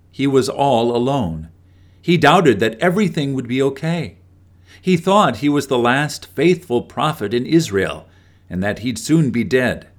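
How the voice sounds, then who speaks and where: Male devotional host, unhurried and soft-spoken, lively melodic delivery. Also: mid-range voice. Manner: slow, gentle and measured. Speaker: devotional speaker. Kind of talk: scripted devotional reading.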